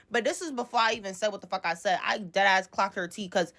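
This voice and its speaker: A woman's voice: medium pitch, fast, few pauses. Young woman telling a heated story. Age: about 20. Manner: animated, profane, indignant. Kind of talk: casual storytelling to camera.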